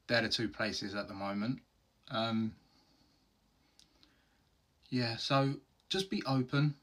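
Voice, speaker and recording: A man's voice: lowish voice, fairly bright tone, husky. A man hosting a solo question-and-answer video, talking in an open, earnest and heartfelt way in plain everyday words. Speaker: host answering viewer questions. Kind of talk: candid solo Q&A.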